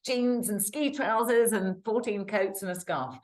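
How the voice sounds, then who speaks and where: A woman's voice: mid-range voice, measured pace. A British woman co-hosting a casual weather chat, talking in a chatty, rambling way and laughing often. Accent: British English. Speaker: weather show co-host.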